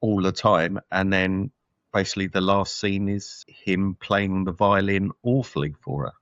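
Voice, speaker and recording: Deep-voiced man rambling about films. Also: fairly even intonation, a little slow, a bit bright, no echo, muffled recording. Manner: rambling, thinks aloud with fillers. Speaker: podcast co-host. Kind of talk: casual film review chat.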